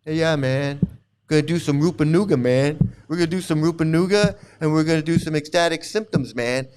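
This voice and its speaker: A man's voice: fairly high pitch, fairly quick, a little mellow, clear, resonant tone, close to an everyday voice. A man mimicking a laid-back preachy guru. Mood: mocking. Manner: mocking drawl, every phrase ends in "man".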